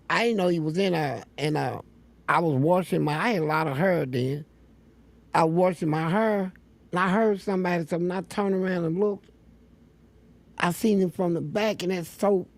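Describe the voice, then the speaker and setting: Gravelly man telling blunt prison stories. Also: sits high. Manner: blunt, profane storytelling. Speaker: interview guest. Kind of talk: storytelling interview.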